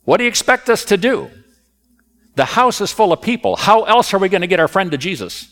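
Pushy, determined friends make their case, as a preacher acts them out, talking insistently and plainly. The voice rises and falls a lot, sounding firm without apology. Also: male voice, fairly low pitch, expressive, normal speed, a bit bright. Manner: insistent, matter-of-fact. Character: pushy determined friends carrying a sick man.

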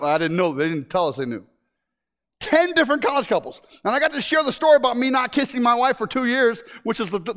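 A man preaching a sermon to a congregation. He jokes, bursts into shouts, and drops to hushed asides. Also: high-pitched. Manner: animated and joking, with sudden shouts and hushed asides.

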